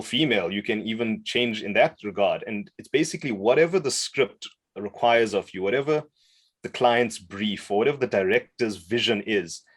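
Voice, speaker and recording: A man from South Africa, a voice-over coach, tells his career story in a podcast interview with animated enthusiasm and frequent laughter. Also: fairly low pitch. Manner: animated and enthusiastic, quick bursts, laughs often.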